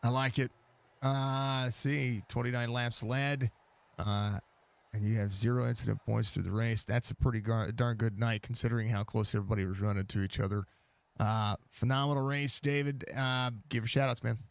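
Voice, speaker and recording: A man's voice: medium pitch, steady tone, moderate pace, gravelly, clear, resonant tone, dry recording. A man hosting post-race interviews in casual talk, laid-back and rambling, laughing often, on a headset mic. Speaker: race broadcast host.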